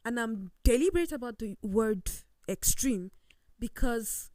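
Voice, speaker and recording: A woman's voice: a little high, expressive, a little slow, a little mellow, no echo. A woman on a panel talk show, earnest and emphatic as she cites scripture. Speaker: co-host.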